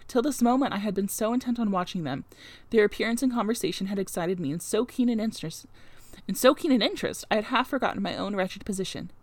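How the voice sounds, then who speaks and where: A woman reads a classic novel aloud, expressive and steady, with wry casual asides. Her voice sits at an ordinary pitch. The recording is dry and close, with no room around it. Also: dry recording. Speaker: audiobook reader.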